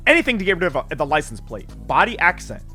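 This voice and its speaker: A young man giving excited gameplay commentary as a gaming creator, blurting loud exclamations. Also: a little high, fast talker. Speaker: gaming YouTuber. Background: game music.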